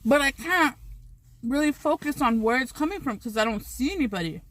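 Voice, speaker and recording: A woman's voice: high-pitched, lively intonation, brisk, fairly bright tone, a little hiss or hum. A woman vlogger telling a story while eating on camera, rambling with many restarts and swearing freely.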